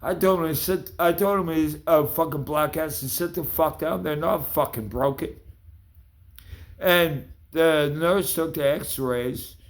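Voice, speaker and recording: A man in an angry, profane rant, accusing and swearing at the people he addresses. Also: on the high side. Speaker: vlogger.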